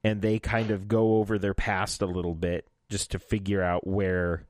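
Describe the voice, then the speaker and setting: Man, podcast co-host, casual recap chat, lowish voice, dry close mic, playful. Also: normal speed, no room sound. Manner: animated, slips into goofy voices when retelling scenes.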